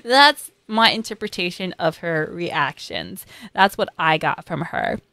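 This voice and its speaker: A woman's voice: on the low side, measured pace, hardly any pauses, fairly bright tone, dry recording. A young woman hosting an anime reaction, chatting casually in slang and acting out characters' lines.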